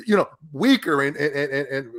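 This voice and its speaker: A young man hosts a casual gaming podcast, trash-talking in a mocking, excitable way. His voice sits high for a man and swings widely in pitch. He talks loosely and breaks into giggles easily. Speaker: podcast host.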